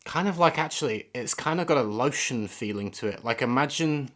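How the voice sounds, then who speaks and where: A man's voice: medium pitch, lively intonation, brisk, fairly bright tone. A man giving casual, rambling first impressions of fragrances on a live stream, often searching for words. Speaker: fragrance reviewer.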